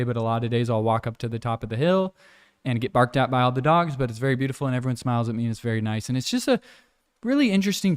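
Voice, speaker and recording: Laid-back rambling young man. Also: clear, resonant tone. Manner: laid-back, rambling, mimics animals and people in high squeals. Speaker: vlogger. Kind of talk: casual vlog chat. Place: outdoors on a hillside village walk.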